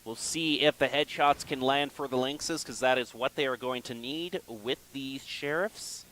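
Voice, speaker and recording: A man casting an esports match with brisk, chatty play-by-play and easy laughter. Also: mid-range voice, a bit bright, slight background noise. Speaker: esports caster.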